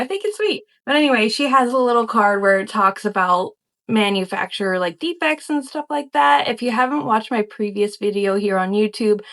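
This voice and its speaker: A young woman chatting casually in a crochet unboxing vlog, gushing and excitable as she opens a package. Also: mid-range voice. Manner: gushing, excitable, lots of "oh my gosh". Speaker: crochet vlogger and small business owner.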